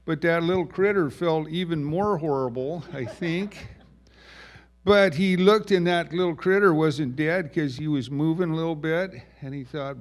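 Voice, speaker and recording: A man telling a children's story in a slow, folksy way, asking the listeners questions and putting on small voices for the characters. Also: on the high side.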